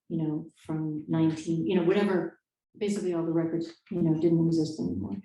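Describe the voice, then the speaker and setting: A woman's voice: deep voice, fairly even intonation, brisk, mellow. Distant, echoey woman author, thoughtful. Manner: thoughtful, hesitant, many fillers and restarts. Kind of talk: conversational interview. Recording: echoey room, distant mic.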